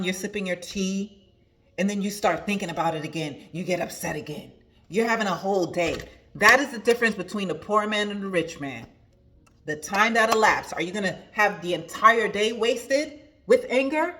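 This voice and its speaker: Woman, spiritual coach, motivational talk, emphatic, repetitive, crisp bright tone. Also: medium pitch. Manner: emphatic, preachy, repeats phrases.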